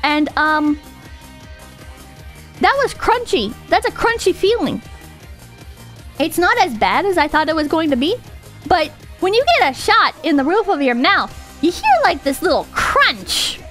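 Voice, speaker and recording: A woman's voice: high voice, sing-song, measured pace, pauses often, a bit bright, soft background music. A woman streamer telling a story in a casual, rambling way, swearing and giggling often. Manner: rambling, profane, giggly, with frequent restarts.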